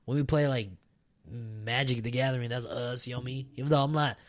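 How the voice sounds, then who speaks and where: A young man with a mid-pitched voice, chatting with a friend in an easygoing way. He fills his talk with fillers and drops a swear word now and then. He sounds loose and unhurried. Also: fairly even intonation. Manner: laid-back, swears casually, lots of fillers. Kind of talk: casual chat.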